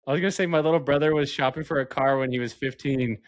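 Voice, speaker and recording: Teasing young host with crude banter. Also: male voice, medium pitch, fast. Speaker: podcast host. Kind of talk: casual chat.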